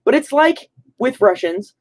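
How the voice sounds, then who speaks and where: A woman co-hosting a podcast, giving blunt, quick asides in casual film chat. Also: on the high side, expressive. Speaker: podcast co-host.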